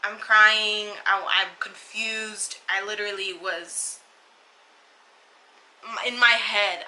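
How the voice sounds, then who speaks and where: A woman's voice: medium pitch, steady tone, slow pace, bright, forceful tone, poor audio. A young woman vlogger telling a personal story in a casual, rambling way, full of fillers and restarts. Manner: emotional, rambling retelling with many fillers and restarts.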